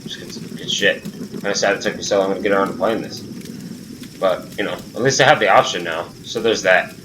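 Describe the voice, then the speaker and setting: A man commentating his own gameplay, swearing and reacting loudly. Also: deep voice, fairly quick, noisy background. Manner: profane, excitable, reacts loudly. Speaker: gamer. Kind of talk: let's play commentary. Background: game sounds.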